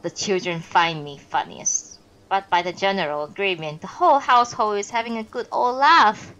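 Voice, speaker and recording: Woman narrator for a live-streamed audiobook, expressive, occasional restarts, mid pitch. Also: muffled recording. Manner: expressive reading with pauses and self-corrections.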